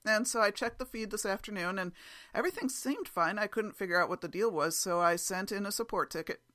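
A woman's voice: medium pitch, a little fast, a bit bright. Chatty self-deprecating woman podcaster. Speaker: podcast host. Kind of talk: casual solo podcast chat.

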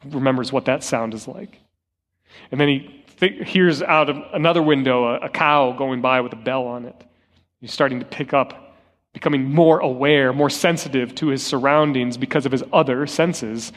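A man's voice: medium pitch, moderate pace, a bit bright. Man preaching in a reverberant church hall. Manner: conversational storytelling with rhetorical questions. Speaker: interim lead pastor. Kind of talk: sermon. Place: church sanctuary.

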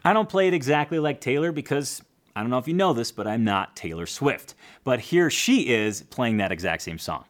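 A man's voice: mid-range voice, sing-song, moderate pace. A man teaching a casual guitar lesson, explaining plainly, counting strum patterns aloud and adding self-deprecating asides.

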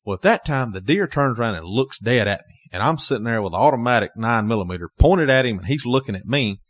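A man telling a story as a guest on a talk show, animated and laughing as he goes. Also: mid-range voice, quick pace. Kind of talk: casual storytelling.

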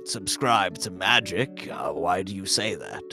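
A man voicing a grumpy, weary older male scholar who grumbles in a low, hushed voice. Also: animated, unhurried, over music. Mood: skeptical.

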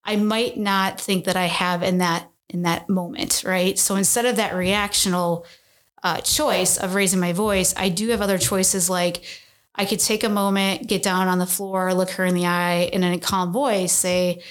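A woman's voice: on the low side, fairly even intonation, moderate pace. A woman in her thirties, a podcast guest, explains things earnestly in a casual interview and often checks in with "right?".

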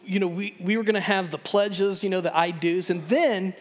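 Middle-aged man, pastor, earnest conversational sermon, fairly high voice, long church reverb. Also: fairly even intonation, normal speed. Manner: earnest and conversational, self-deprecating humor. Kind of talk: sermon with opening prayer. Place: church sanctuary.

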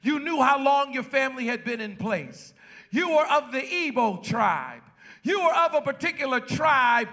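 A pastor preaching a sermon to his congregation. He calls out to the crowd and builds up into shouts. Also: extremely high pitch, expressive, normal speed. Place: church.

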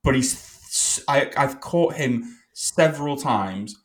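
Animated self-mocking male podcast host. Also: medium pitch, slow, slight background noise. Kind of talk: casual chat.

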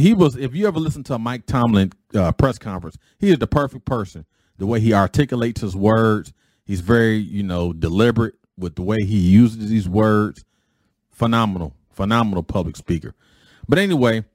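A man's voice: on the low side, animated, moderate pace, a little mellow, dry recording. A man hosting his own podcast, talking casually in a rambling way, often repeating himself and paraphrasing others. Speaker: podcast host. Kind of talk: casual opening monologue.

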